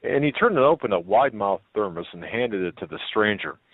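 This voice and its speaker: Low-voiced man reading a story over a phone. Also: animated, husky, no room sound. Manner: halting, many fillers and restarts. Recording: tinny phone-like line.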